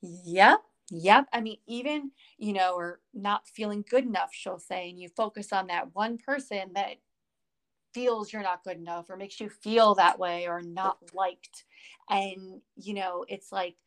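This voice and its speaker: Rambling gravelly-voiced woman podcast host. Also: medium pitch, a little slow, a bit bright. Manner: rambling, many fillers and restarts. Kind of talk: casual podcast chat.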